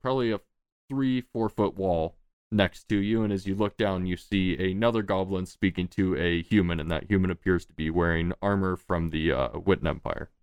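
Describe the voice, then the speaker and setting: A man's voice: sits low, moderate pace, clear, resonant tone, dry recording. A man narrating a tabletop game as game master, in a casual, rambling way with lots of fillers.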